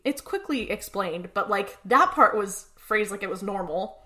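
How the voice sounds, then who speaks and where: A woman's voice: mid-range voice, animated, moderate pace, sharp tone. A woman co-hosting a podcast, chatting through a show recap and acting out characters' lines as she goes. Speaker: podcast co-host. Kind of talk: casual episode recap.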